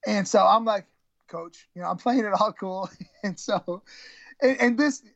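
A middle-aged man who once wrestled in college tells stories as a guest in a casual interview. His voice sits high at a normal pace, and he rambles and mocks himself, full of fillers and restarts. The sound is lo-fi with no room ambience.

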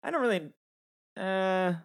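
Male co-host, casual movie chat, smooth clean voice, dry close sound, wry delivery. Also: high-pitched, animated, measured pace, no echo. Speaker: podcast co-host.

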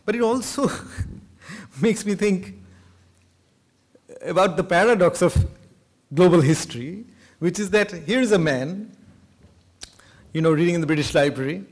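A man from Bengal, giving an academic lecture with a reflective manner and occasional soft laughs. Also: high-pitched, animated, unhurried, long pauses. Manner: thoughtful, laughs between points.

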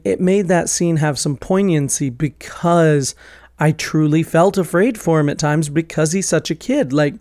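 A man's voice: fairly high pitch, a little mellow, no room sound, clean studio sound. A man talking casually and enthusiastically about a favorite film, acting out quoted lines. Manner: enthusiastic, acts out quoted lines in raised voices. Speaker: film reviewer.

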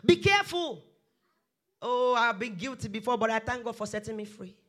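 Emphatic sermon preacher with a bright, ringing tone; repeats exhortations. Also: medium pitch, fairly even intonation, fast.

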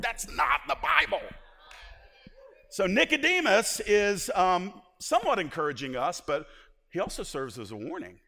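A man preaching a sermon as pastor, swinging from shouted points to hushed asides and acting out the voices he quotes. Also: high-pitched, very animated, normal speed, gravelly, big-room sound.

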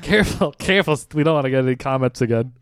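A man's voice: mid-range voice, lively intonation, racing, clean tone, no room sound, clean studio sound. A man, a stand-up comedian, telling a story in casual podcast chat, acting out the people in it and laughing often.

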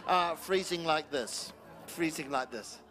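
A man's voice: on the high side, measured pace. A man in his fifties with a New Zealand accent, a pastor telling funny, teasing stories at a church service. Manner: jovial, animated, teasing anecdotes. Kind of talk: humorous storytelling at church service.

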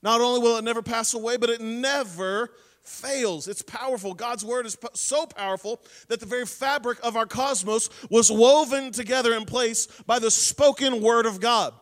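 A man preaching a sermon, emphatic, swinging between loud proclamations and quiet, intense stretches. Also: extremely high pitch, normal speed, long reverb tail. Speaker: pastor.

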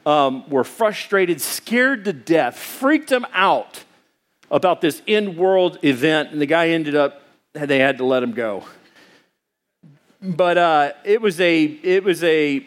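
High-voiced animated male pastor. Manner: animated, conversational storytelling with restarts. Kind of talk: sermon with personal storytelling.

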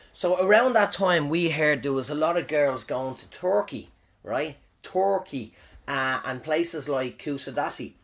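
A man in his thirties, hosting a podcast alone and telling crude comic stories, swearing and rambling with frequent restarts. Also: fairly high pitch. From Ireland. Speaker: podcast host. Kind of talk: casual comic storytelling monologue.

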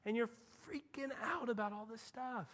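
A man preaching a sermon as pastor, telling stories and swinging from quiet asides to loud, emphatic peaks. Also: extremely high pitch, moderate pace. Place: church.

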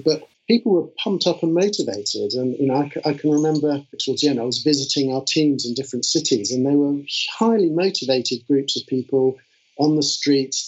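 British man, middle-aged, husky voice, animated interview guest, slightly dull recording. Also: mid-range voice. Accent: British English. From England. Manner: animated, enthusiastic, frequent fillers. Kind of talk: conversational storytelling. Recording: dull lo-fi sound.

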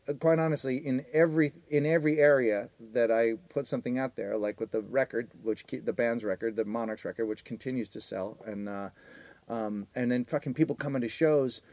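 A man's voice: medium pitch, a little mellow, no room sound. A man, a stand-up comedian co-hosting a podcast, chatting casually and swearing freely with frequent laughs. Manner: loose, swears constantly, laughs a lot. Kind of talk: casual profane chat.

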